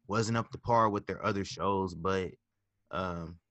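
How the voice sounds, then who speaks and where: Male podcast host, bright, tense tone, rambling delivery with restarts, dry close mic. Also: sits low, measured pace, no echo. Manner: rambling, stumbles and restarts, many ums. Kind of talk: casual podcast chat.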